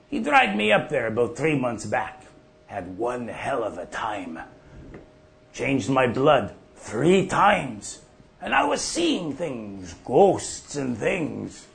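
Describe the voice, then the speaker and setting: An actor playing an older farmer off the drink who tells profane, folksy stories. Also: male voice, mid-range voice, huge pitch swings, slow, creaky, a bit bright, a little hiss or hum, full character voice. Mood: rambling. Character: older male prairie farmer off the drink, gruff storyteller. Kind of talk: monologue.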